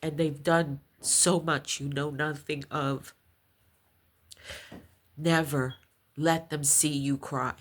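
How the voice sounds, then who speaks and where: A woman voicing the spirit of her grandmother, speaking solemnly and slowly. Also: low-pitched, flat delivery, pitched below the performer's own voice. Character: wise, protective grandmother spirit.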